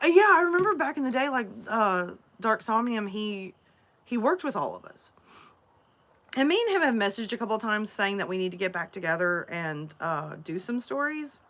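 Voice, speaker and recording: A woman's voice: medium pitch, big pitch swings, unhurried, long pauses, pushed and bright. A woman from Alabama, chatting casually and telling rambling stories on a livestream. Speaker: story narrator and streamer.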